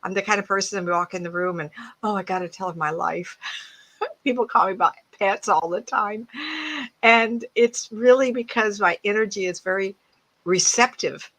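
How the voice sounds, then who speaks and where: A woman's voice: medium pitch, bright, forceful tone. A woman psychic medium talking casually to an online audience through earbuds, chatty and laughing as she tells stories from her life. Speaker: psychic medium guest speaker. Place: home, mid-move.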